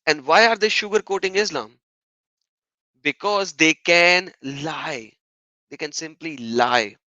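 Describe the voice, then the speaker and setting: A man talks straight to his viewers in an emphatic, insistent way, circling back to the same points and firing off rhetorical questions. His voice is bright and forceful, and the recording is close and dry. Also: a little high, takes it slowly, dry recording, rough recording. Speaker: YouTuber responding to comments. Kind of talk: monologue commentary vlog.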